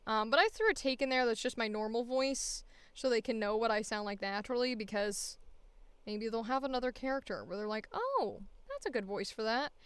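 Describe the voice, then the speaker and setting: A woman's voice: on the high side, brisk, fairly bright tone, clear, resonant tone, no echo. Chatty, self-deprecating woman voice actor. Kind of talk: casual talk while recording an audition.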